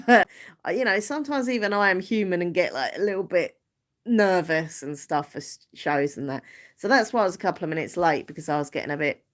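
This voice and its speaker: Woman, Essex accent, slightly low voice, chatty, giggly live-stream host. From Southend-on-Sea, Essex, England. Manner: chatty, giggly, self-deprecating. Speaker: YouTuber hosting a live stream. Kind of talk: casual live-stream chat.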